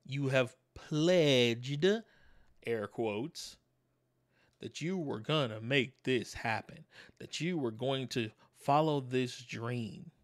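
A man of medium pitch gives a motivational talk to his viewers. He talks in a preachy, probing way, pressing them with rhetorical questions and repeating the words he wants to land. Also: slow pace. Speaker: motivational video host.

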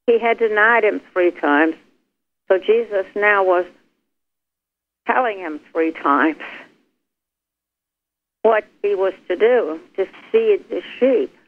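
A man's voice: sits high, slow pace, long pauses. A man taking part in an informal Bible study discussion, speaking reflectively and a bit hesitantly. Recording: tinny phone line.

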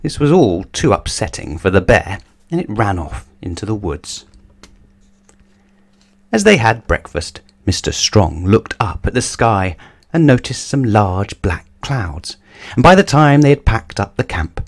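A man's voice: on the low side, sing-song, unhurried. A man reading a children's picture book aloud as a bedtime story, telling it expressively.

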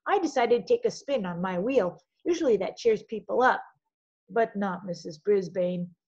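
A woman reading a children's novel aloud in an expressive storytelling manner. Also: medium pitch, normal speed, breathy edge, highs cut off. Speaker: audiobook reader.

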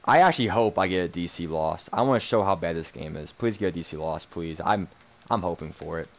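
A man's voice: low voice, fairly quick. A young man commentating his own football video game match, muttering, sarcastic and swearing in frustration. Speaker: gaming streamer.

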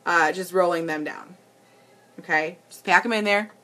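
At a normal speed and in a fairly bright, slightly low voice, a woman hosts a live makeup tutorial. Easily amused and giggly, she laughs frequently while chatting casually and directly with the people watching.

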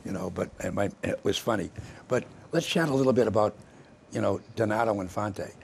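Older male host, low and gravelly, chatty, meandering storyteller. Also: brisk, slight background noise. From Massachusetts, US. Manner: rambling storyteller, many restarts. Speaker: TV show host. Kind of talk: casual interview chat. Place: local cable TV studio.

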